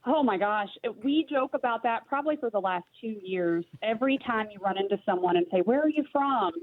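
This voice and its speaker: A woman's voice: medium pitch, a little fast. A woman with a light Southern twang talks earnestly as a guest on a radio show, sometimes restarting her sentences. Her voice comes through thin and phone-like, with a dry sound and no room echo. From Tennessee. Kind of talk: casual interview chat. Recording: dry tinny phone-like line.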